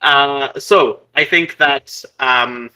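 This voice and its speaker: Guy gm-ing a tabletop game, loose and rambly, bright tense voice. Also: mid-range voice, very slow, clear, resonant tone, rough recording. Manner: casual, many fillers and restarts. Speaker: game master.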